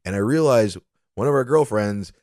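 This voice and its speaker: A man co-hosting a podcast, telling rambling stories in casual chat and jumping into animated voices for quotes. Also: lowish voice, moderate pace, dry recording, studio quality. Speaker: podcast co-host.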